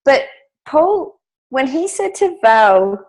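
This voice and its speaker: A woman's voice: high-pitched, big pitch swings, slow pace, a little mellow. A woman from Australia, a guest on a casual podcast chat, talking emphatically and working up to indignant outbursts. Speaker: guest, former baking-show winner.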